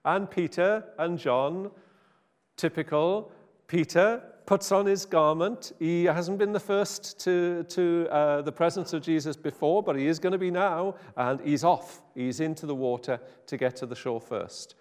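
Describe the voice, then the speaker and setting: Wry preacher in a reverberant hall. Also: male voice, a little high, measured pace. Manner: chatty, self-interrupting, wry humor. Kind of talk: informal sermon.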